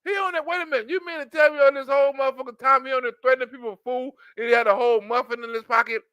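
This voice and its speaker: Profane, high-voiced comic ranter. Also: male voice, racing, clean tone, no echo. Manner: profane, animated storytelling with mock outrage. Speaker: commentator. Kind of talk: comedic reaction rant.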